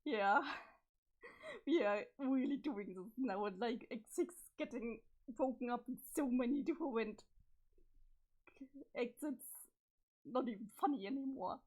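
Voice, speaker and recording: Woman streamer, chatty webcomic reading, laughs a lot, casual swearing, high voice. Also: measured pace, long pauses, a little mellow. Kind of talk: casual livestream reading and commentary.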